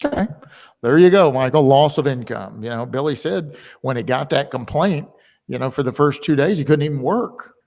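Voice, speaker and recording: Loose and talkative, a man hosting a casual webinar fills his rambling sentences with ums and uhs. His middle-pitched voice is expressive, creaky and a little mellow, moving at normal speed under a long, hall-like reverb.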